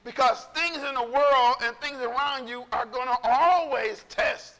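A male pastor preaching in a casual storytelling way, animated and conversational, acting out what people said. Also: very high-pitched, unhurried, big-room sound. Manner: animated, conversational, acts out quotes. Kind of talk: storytelling sermon.

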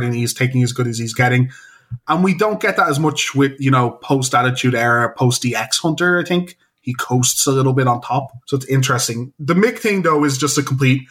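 A man co-hosting a casual podcast chat, talking in an enthusiastic, rambling way with quick asides. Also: mid-range voice, fairly bright tone. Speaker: podcast co-host.

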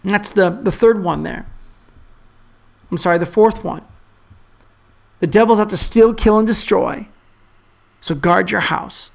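With a high, gravelly voice, this pastor, an adult who seems to have young children at home, preaches emphatically and repeats his key phrases to the congregation. Between those points he slips into casual asides and filler words.

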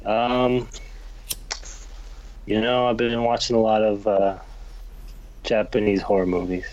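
A man's voice: fairly low pitch, little pitch movement, slow pace, a little mellow, highs cut off, slight background noise. A man co-hosting a casual podcast, talking with hesitant fillers and restarts. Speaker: podcast co-host.

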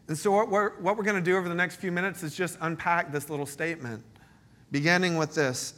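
Bright-voiced storytelling pastor. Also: male voice, fairly high pitch, fast talker. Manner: storytelling, joking, animated. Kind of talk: sermon. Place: church meeting space.

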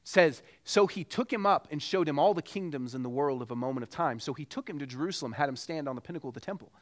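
Animated, high-voiced male preacher. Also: fast talker. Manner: animated and conversational, with rising emphatic peaks. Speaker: pastor. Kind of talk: sermon.

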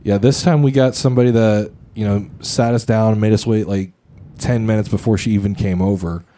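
Low, dark-voiced man telling a story. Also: fairly even intonation, brisk. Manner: rambling, profane, lots of fillers. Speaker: podcast co-host. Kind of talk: casual storytelling chat.

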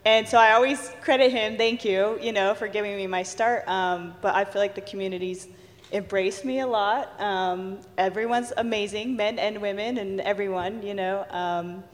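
A woman composer on a convention panel, telling stories in an animated way with frequent laughter. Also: medium pitch, normal speed. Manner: animated, laughs often, acts out quotes. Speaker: panel guest, horror film composer. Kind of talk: live panel storytelling. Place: large convention stage hall. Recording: reverberant stage hall.

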